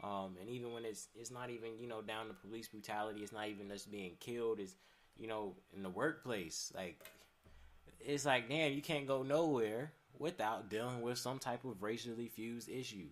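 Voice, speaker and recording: A man's voice: lowish voice, moderate pace. A man chatting casually on a podcast, laid-back and profane, laughing often and talking with many fillers. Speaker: podcast guest.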